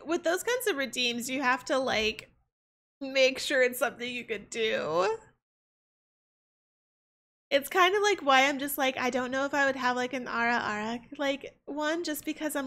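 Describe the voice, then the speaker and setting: Streaming a game, a young woman chats casually in a high, pushed, bright voice. Her talk rambles along, full of fillers and restarts.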